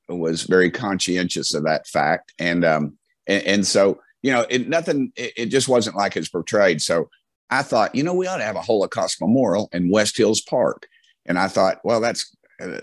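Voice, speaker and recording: Recorded with no echo, a middle-aged man whose voice sits low tells folksy stories in a Southern US accent. He's a Tennessee native appearing as an interview guest, and his casual storytelling keeps stopping and restarting amid many fillers.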